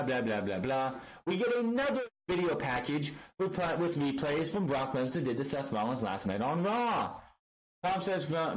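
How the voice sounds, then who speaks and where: A man's voice: mid-range voice, poor audio. A man casually recapping and reviewing a wrestling show, blunt and rambling, swearing freely and restarting his sentences often.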